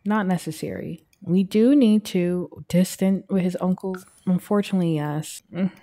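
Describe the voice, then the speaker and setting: A young woman casually narrating her life-simulation game, chatting and putting quick voices on the characters. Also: on the low side, dark tone. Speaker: let's play gamer. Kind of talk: casual gameplay commentary.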